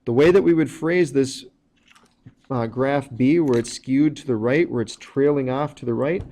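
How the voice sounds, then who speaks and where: A man's voice: medium pitch, moderate pace, mellow. A man teaching a recorded math lesson, walking through each step plainly with some fillers. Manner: plain explanatory, walks through steps with fillers.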